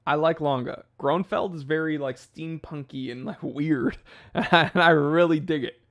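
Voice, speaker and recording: A man's voice: on the high side, moderate pace, gravelly, a bit bright, dull audio. Rambling male livestream host. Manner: rambling, loose, laughs at his own jokes. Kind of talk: casual livestream chat.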